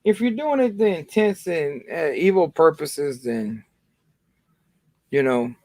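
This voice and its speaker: Man in his 30s, livestream host, slightly higher voice, dry close sound, loose rambling chat. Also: expressive, slow, a little mellow, no room sound. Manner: rambling, many fillers and restarts.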